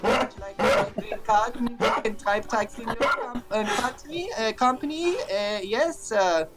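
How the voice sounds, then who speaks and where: A woman voicing a pushy male taxi job applicant in a put-on Mexican accent, broken English full of "uh" and "yes", over loud music. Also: a little high, a little slow, close to an everyday voice, low-quality recording. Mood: eager.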